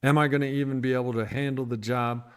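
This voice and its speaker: A man's voice: mid-range voice, steady tone, fast talker, smooth. A man talking candidly and bluntly about his recovery on a livestream, irritated and venting with profanity. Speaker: recovery streamer.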